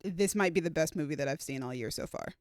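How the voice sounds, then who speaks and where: A man on a movie podcast talks with real enthusiasm about a film he loved. His voice is fairly high and the sound is dry and close. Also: fast, no room sound. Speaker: podcast co-host. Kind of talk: casual movie review chat.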